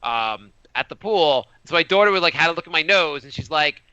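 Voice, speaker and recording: A man co-hosting a podcast in casual chat, telling a story with animated voiced quotes. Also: a little high, brisk, clear, resonant tone, no room sound, muffled recording. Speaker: podcast co-host.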